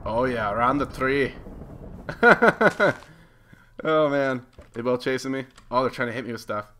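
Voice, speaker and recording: Excitable young man narrating gameplay. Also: mid-range voice, measured pace, slight background noise. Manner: excitable, jokey, self-mocking. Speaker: gaming video host. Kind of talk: casual gameplay commentary.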